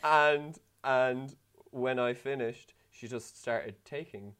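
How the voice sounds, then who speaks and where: A man, co-hosting a podcast and telling candid stories with lively delivery. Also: slow, clean tone. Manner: animated storyteller who jumps into high voices. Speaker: podcast co-host. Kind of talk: casual chat.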